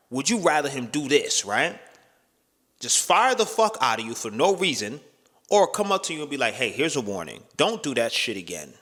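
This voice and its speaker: A young vlogger gives a blunt, casual opinion monologue straight into the camera, swearing freely and constantly asking "right?" and "you know what I'm saying". His voice is medium-pitched and a bit bright with a breathy edge, trailed by a long reverb tail.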